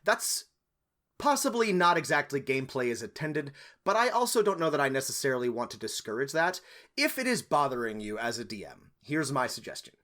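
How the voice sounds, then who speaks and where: A man's voice: medium pitch, big pitch swings, brisk, fairly bright tone. A man co-hosting a casual podcast, giving game master advice in a rambling, thinking-aloud way with lots of fillers.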